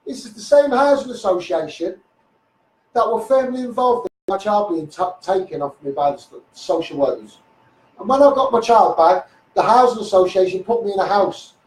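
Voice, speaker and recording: A man's voice: high voice, lively intonation, moderate pace, a little mellow, roomy sound, distant mic, rough recording. A man with a Scouse accent in a blunt, rambling live stream rant, repeating "mate" and "you know what I mean". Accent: Liverpool (Scouse). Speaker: local campaigner on a live stream. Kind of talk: ranting live stream monologue.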